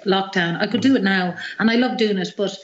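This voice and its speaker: A middle-aged woman with an Irish accent, a singer-songwriter telling animated, rambling stories as a guest in an interview. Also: medium pitch, brisk, echoey room, muffled recording. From Ireland. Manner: rambling, animated anecdotes with many fillers. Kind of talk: radio interview storytelling.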